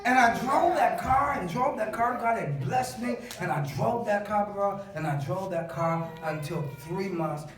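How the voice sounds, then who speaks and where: A man preaching a story, laughing often and rising to shouts. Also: sits high, normal speed, few pauses. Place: church. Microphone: far camera. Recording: echoey church from far off, loud congregation.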